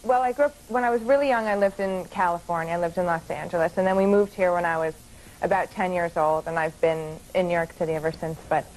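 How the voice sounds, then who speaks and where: A woman's voice: lowish voice, steady tone, fast, a little mellow, slight background noise, low-quality recording. A woman in her twenties, a guest on a late-night talk show, talking hesitantly with restarts and laughs. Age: 20s. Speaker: actress guest. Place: TV studio.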